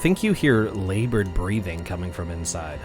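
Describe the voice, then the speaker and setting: A man narrating as game master of a tabletop game, lively and full of fillers and chuckles. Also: deep voice, normal speed, faint music behind.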